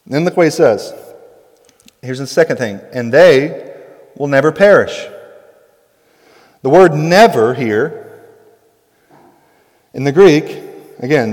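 A man in his thirties preaching a sermon as pastor, stretching key words out slowly and building to forceful, rising emphasis. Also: mid-range voice. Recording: long hall reverb.

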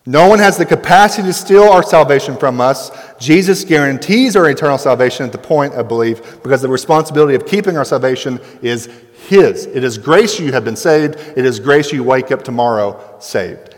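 A man in his thirties preaching a sermon as pastor, stretching key words out slowly and building to forceful, rising emphasis. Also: medium pitch, expressive. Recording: long hall reverb.

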